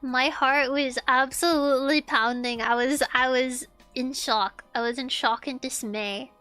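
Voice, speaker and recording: Young woman streamer, high bright voice, animated and profane casual storyteller, faint music under her. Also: measured pace, clean tone. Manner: animated, swearing, repeats lines, laughs often.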